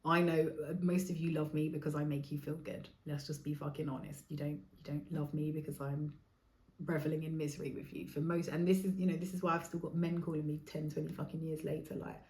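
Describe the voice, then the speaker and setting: A woman's voice: sits low, little pitch movement, brisk, darkish tone, reverberant. A woman in her forties hosting her own podcast, talking in a rambling, frank way with plenty of swearing. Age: 40s. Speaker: podcast host. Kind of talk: candid solo podcast monologue.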